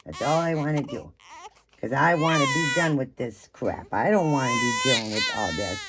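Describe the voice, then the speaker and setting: A woman's voice: rumbling low, animated, normal speed, heavy background noise. A woman voicing a fussy, whiny baby boy. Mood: complaining. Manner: whiny complaining baby talk. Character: fussy tired baby boy wanting his bottle. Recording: loud baby crying behind.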